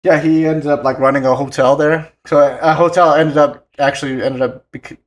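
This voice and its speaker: A man's voice: a little high, steady tone, fairly quick, lo-fi sound. A young man co-hosting a film podcast, chatting loosely with lots of fillers and casual swearing. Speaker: podcast co-host.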